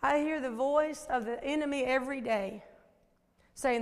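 A Southern American woman in her fifties preaching a lively, folksy sermon in a church sanctuary and questioning the congregation. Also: high voice, normal speed. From Southern United States. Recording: echoey church hall.

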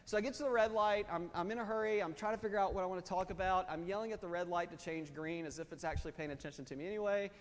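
A man tells a story from the pulpit, candid and ready to laugh at himself. His voice sits fairly high for a man. The long reverb of a large hall trails after his words. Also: very fast, hardly any pauses. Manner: candid, self-deprecating, conversational. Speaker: preacher. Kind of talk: storytelling sermon. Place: church or auditorium.

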